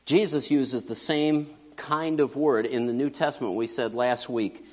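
Animated middle-aged pastor in a reverberant church. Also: male voice, mid-range voice, unhurried. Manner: animated, joking, big swings between loud and hushed. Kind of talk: conversational sermon. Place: church sanctuary. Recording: long reverb of a large church hall.

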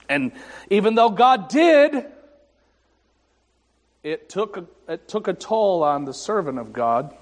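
Slow, high-voiced preacher in an echoey sanctuary. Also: male voice, big pitch swings. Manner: slow and deliberate, with dramatic pauses; wry, self-deprecating humor. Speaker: pastor. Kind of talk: sermon. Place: church sanctuary.

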